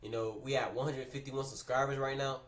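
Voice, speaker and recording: A male streamer tells a story on a livestream in a loose, lively, slang-filled way and keeps repeating his phrases. His voice is mid-range and fairly quick, picked up by a distant mic in a roomy space.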